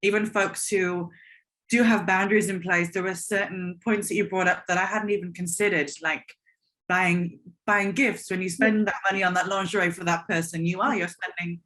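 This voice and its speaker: A woman's voice: on the low side, steady tone, moderate pace, a bit bright. A woman hosting an online summit, thanking the speaker and sponsors in an earnest, appreciative way. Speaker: summit host.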